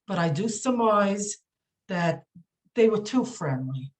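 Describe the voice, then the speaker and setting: A woman speaking as a podcast guest, indignant and emphatic, with halting speech full of fillers, restarts and repeated phrases. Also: medium pitch, expressive. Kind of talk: emotional podcast interview.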